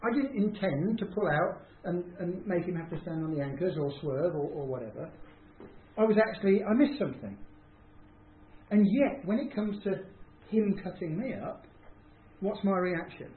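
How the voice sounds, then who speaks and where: A man's voice: high voice, expressive, normal speed. A man giving an informal, conversational talk, self-deprecating and acting out people's reactions as he speaks. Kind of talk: informal talk to a small group. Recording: tinny, roomy, faint hiss.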